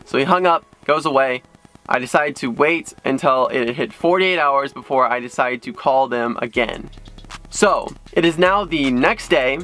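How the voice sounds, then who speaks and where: A man telling a frustrating story in a ranting vlog, excitable, his voice jumping up in pitch when he gets worked up. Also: measured pace, soft background music, rough recording. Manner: excitable, frustrated retelling with sudden jumps in pitch. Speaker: YouTube creator.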